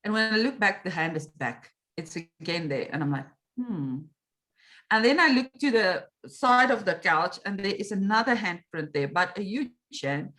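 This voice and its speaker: A woman's voice: medium pitch, moderate pace, few pauses. Middle-aged lady telling a story in an interview, acts out what she said back then. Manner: animated, acts out her own past reactions and quotes. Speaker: meditation coach, interview guest.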